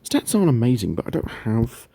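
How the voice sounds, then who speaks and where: A man's voice: mid-range voice, sing-song, brisk, creaky, warm tone, a little hiss or hum. A young man, chatting casually through his game garage, rambling and correcting himself. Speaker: gaming video creator.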